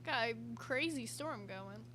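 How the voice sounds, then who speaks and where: Female streamer, bright and high, relaxed slangy banter. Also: measured pace, a little hiss or hum. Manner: laid-back, slangy banter. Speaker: stream co-host. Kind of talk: casual reaction-stream chat.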